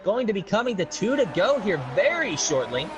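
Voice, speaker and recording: High-voiced play-by-play race caller over music. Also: male voice, sing-song, dull audio. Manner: fast play-by-play calls. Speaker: sim racing lead commentator. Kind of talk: live esports race commentary.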